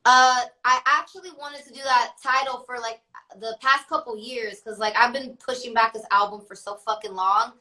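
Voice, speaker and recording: A woman's voice: fairly high pitch, steady tone, moderate pace, bright, forceful tone, rough recording. A young woman rapper chatting as an interview guest, laughing often and filling her talk with "like". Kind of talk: casual interview.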